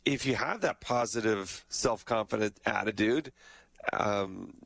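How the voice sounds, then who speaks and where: A man's voice: lowish voice, measured pace, gravelly, a bit bright, no room sound. A middle-aged man hosting a casual interview, joking and telling stories about himself. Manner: jokey, self-deprecating storyteller. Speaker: host.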